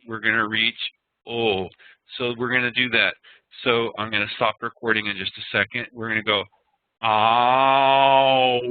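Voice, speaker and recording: A man's voice: mid-range voice, dry recording. Man, online teacher, demonstrates sounds aloud, dry close sound, phone-like audio. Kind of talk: online class lesson. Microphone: computer mic on a video call. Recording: dry, tinny web-call audio.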